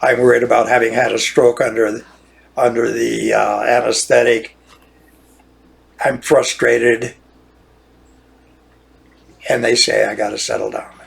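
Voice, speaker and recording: Gravelly older man ranting indignantly. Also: mid-range voice, flat delivery, takes it slowly, pauses often. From United States. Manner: indignant, repetitive, restarts phrases. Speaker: retired lawyer. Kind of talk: monologue rant.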